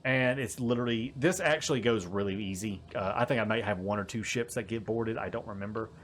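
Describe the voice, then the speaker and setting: Animated man narrating gameplay, laughing often. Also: on the low side, brisk, a little hiss or hum. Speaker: gaming YouTuber. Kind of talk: casual gameplay commentary.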